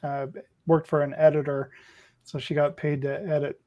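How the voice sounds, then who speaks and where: A man's voice: fairly high pitch, level tone, warm tone. A man from Washington State with a Pacific Northwest accent, telling rambling stories with lots of fillers in casual livestream chat. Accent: Pacific Northwest American. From Washington State, USA. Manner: rambling storyteller, halting, with many fillers. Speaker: livestream co-host.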